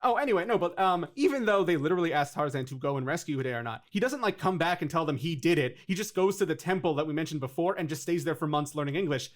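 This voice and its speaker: A man's voice: on the high side, animated, quick pace, few pauses. A man co-hosting a casual movie review chat, sarcastic and exasperated, swearing freely. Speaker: podcast co-host.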